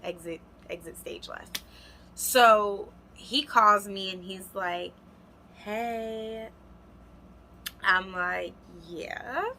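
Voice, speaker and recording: Young woman vlogger, bright and lively, addressing viewers directly. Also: mid-range voice, slow, creaky, a little hiss or hum. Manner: animated, talks straight to viewers. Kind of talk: storytime vlog, casual chat.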